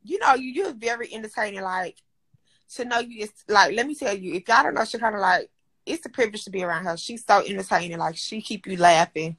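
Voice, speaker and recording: A woman co-hosting a casual livestream chat, animated and teasing, often breaking into laughter. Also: mid-range voice, brisk, breathy edge, no room sound.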